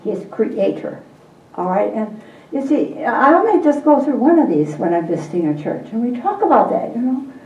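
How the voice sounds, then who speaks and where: A woman's voice: fairly high pitch, big pitch swings, normal speed. A woman leading a call-and-response Bible lesson, coaxing her listeners and repeating prompts with frequent laughter. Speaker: Bible teacher for a group. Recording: distant, roomy and dull.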